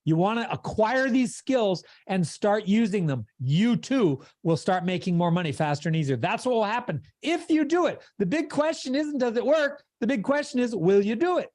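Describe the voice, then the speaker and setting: A man's voice: high-pitched, sing-song, normal speed, few pauses, a little mellow, no echo, studio quality. A man giving a motivational coaching talk on a video call, with an emphatic, preacher-like cadence. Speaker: sales coach.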